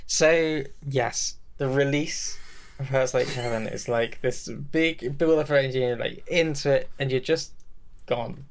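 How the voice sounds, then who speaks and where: A man's voice: medium pitch, unhurried. A young man co-hosting a podcast, talking in a casual, rambling and enthusiastic way, often laughing at himself. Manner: rambling, enthusiastic, self-mocking. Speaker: podcast co-host.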